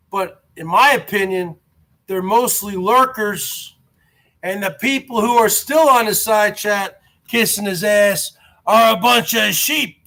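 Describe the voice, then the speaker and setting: Loud, mocking high-voiced man ranting. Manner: mocking, loud and repetitive, often addresses "folks". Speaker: YouTube show host. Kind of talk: ranting commentary to viewers.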